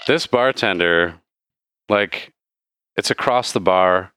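A man narrating a tabletop role-playing game as game master, casual and quick to laugh, swearing freely. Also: low voice, bright, forceful tone, clean tone, no room sound, clean studio sound.

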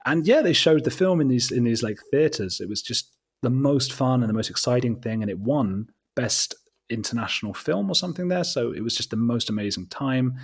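A man's voice: medium pitch, a little fast, slightly rough. A man from England with an English accent, telling a long anecdote as an interview guest, full of fillers, asides and quoted remarks. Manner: animated, self-deprecating, many fillers and quoted asides. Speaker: documentary filmmaker, guest. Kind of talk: casual interview storytelling.

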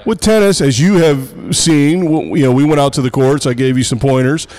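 A man's voice: mid-range voice, normal speed, darkish tone. A man hosting a podcast, a college tennis coach from the Pittsburgh area, asking rambling questions with jokes. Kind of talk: casual podcast chat.

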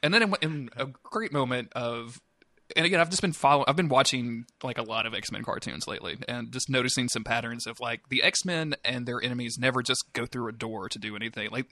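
Sarcastic guy riffing on a cartoon, bright voice, swears a lot, dry close mic. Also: medium pitch, no echo. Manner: animated and sarcastic, with swearing and quick laughs. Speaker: podcast co-host. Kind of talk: casual chat recapping a cartoon episode.

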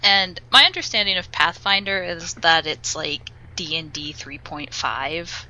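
A young woman on a casual podcast, her voice bright and tense with a cutting edge. She rants with gusto and swears freely. She sits a little lower in pitch than most women. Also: measured pace, highs cut off, a little hiss or hum. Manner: animated ranting storyteller, swears freely. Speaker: podcast co-host.

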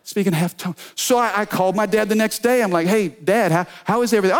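High-voiced energetic preaching pastor man. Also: fast, few pauses. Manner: energetic preaching with call-and-response; storytelling with humor. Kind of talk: sermon.

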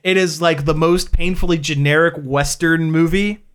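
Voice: medium pitch, steady tone, moderate pace, a bit bright, smooth. A podcast co-host in casual chat, telling a story with enthusiasm and frequent laughter.

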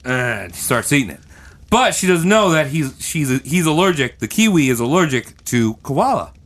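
A man's voice: on the high side, very animated, moderate pace. A man co-hosting a comedy podcast, telling an improvised story in a rambling, giggly, slangy way. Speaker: podcast co-host.

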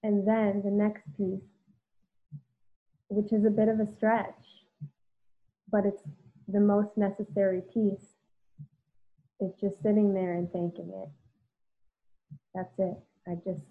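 A woman's voice: mid-range voice, little pitch movement, slow, long pauses. A woman hosting a podcast, telling a personal story candidly and reflectively, with many "like"s. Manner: reflective, heavy use of "like". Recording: tinny phone-like audio.

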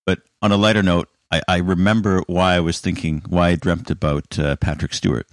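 A man with a very deep voice co-hosts a podcast in easy, casual conversation. He laughs often and trips over his words as he restarts his thoughts. The sound is dry and close. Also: level tone, a little fast, no room sound. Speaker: podcast co-host. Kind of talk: casual chat.

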